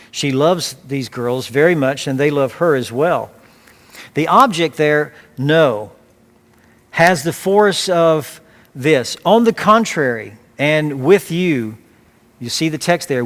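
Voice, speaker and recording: A man preaching as pastor, reading scripture aloud and explaining it phrase by phrase in a measured way. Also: mid-range voice. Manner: measured, with frequent restarts and repeated words. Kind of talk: expository sermon.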